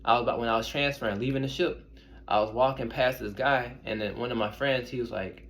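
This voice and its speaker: A man's voice: mid-range voice, fairly even intonation, fast talker, fairly bright tone. A young man, an intuitive reader, casually telling personal stories to his viewers in a rambling, conversational way. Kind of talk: casual storytelling to camera.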